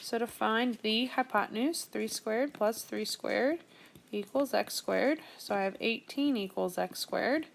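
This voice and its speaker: A young woman with a fairly high, gravelly voice teaches a math lesson in a screen recording, speaking unhurriedly over slight background noise. She explains steadily, step by step, thinking aloud as she works through each problem.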